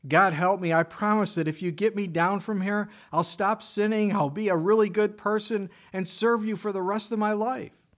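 A desperate man stuck on a cliff branch calls out in high, strained shouts, as a preacher acts him out. His voice jumps well above a normal speaking pitch and pushes loud. He sounds panicked and pleading. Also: normal speed, few pauses, natural voice. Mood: frantic pleading.

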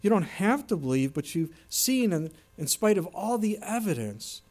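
A man delivering a sermon, his voice sitting a little higher than most men's. He preaches with earnest emphasis, leaning into the scripture he quotes and explains. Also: sing-song, moderate pace, a little mellow. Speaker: pastor.

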